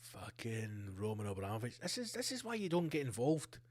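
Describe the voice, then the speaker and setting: A man's voice: mid-range voice, sing-song, moderate pace. A man hosting his own podcast, ranting with plenty of swearing and jumping between tangents. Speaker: podcast host. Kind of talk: solo podcast rant.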